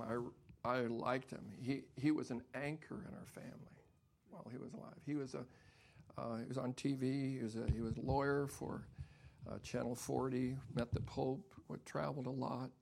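An older man preaching a sermon as pastor, dropping to soft near-whispers and then building to loud, emphatic preaching. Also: medium pitch, gravelly.

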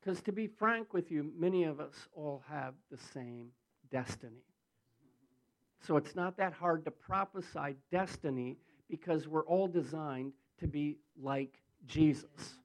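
Creaky high-voiced preacher. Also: male voice, a little slow, poor audio. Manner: storytelling, acts out quotes, builds to fervent prayer. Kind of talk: sermon and prayer.

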